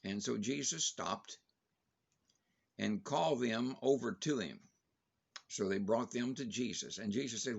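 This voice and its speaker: Older man, gravelly and husky, plain spoken devotion, unhurried chatty preaching. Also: medium pitch, animated, dull audio. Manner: plain, conversational, with fillers and restarts. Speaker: preacher giving a daily devotion. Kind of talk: informal Bible devotion.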